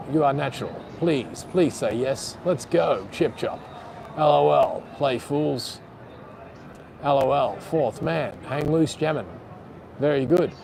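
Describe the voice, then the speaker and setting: A man's voice: mid-range voice, creaky, darkish tone, a little hiss or hum. An Australian man live streaming outdoors in a city on a phone gimbal, rambling bluntly and swearing casually while reading out chat comments.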